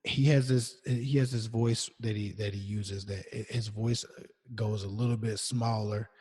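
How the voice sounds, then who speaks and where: On a podcast, a male co-host casually tells stories in a loose, relaxed way, full of fillers and restarts. His voice is slightly husky and lowish at a moderate pace, trailing off into a long reverberant echo.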